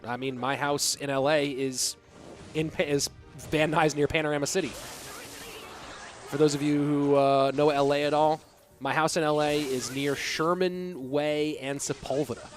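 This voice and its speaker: Male caster, slightly high voice, excitable play-by-play mixed with loose chat, faint music underneath. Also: moderate pace, pauses often. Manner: excitable on big plays, rambling and relaxed when reading chat. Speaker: esports caster. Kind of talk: play-by-play commentary with chat banter.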